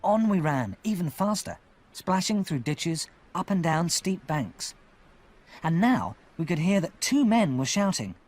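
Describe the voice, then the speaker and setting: Expressive man reading an audiobook. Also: on the high side, measured pace. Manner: expressive, lively storytelling. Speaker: audiobook reader. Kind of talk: scripted audiobook narration.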